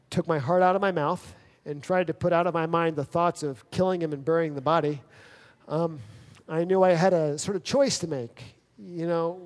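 A man's voice: on the high side, darkish tone. A man preaching a sermon, telling a personal story in a conversational way with quoted dialogue. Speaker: pastor. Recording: long reverb of a large hall.

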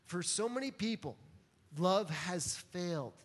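Man, pastor, sermon, high voice, slow deliberate delivery, earnest, long church reverb. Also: expressive. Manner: earnest, emphatic, calls for congregation response.

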